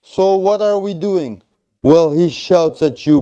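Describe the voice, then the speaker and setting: A man's voice: on the high side, takes it slowly, mellow, clean tone, no echo, muffled recording. A man instructing trainees in tactical first aid, coaching them step by step and repeating short encouragements. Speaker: military tactical medicine instructor.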